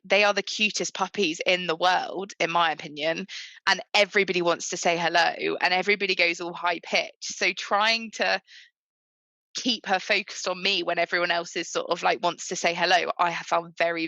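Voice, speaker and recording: A woman's voice: lowish voice, steady tone, normal speed, gravelly, sharp tone, no echo. A young woman in her twenties, a guest on a podcast, chatting casually about her puppy and often saying "like". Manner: chatty, frequent "like" fillers. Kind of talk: podcast interview.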